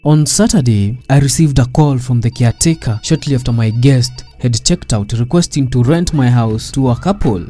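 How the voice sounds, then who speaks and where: A man narrates a scripted voice-over with wry, dramatic timing. His voice is dark and mellow. Faint music plays under him. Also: mid-range voice, moderate pace, hardly any pauses.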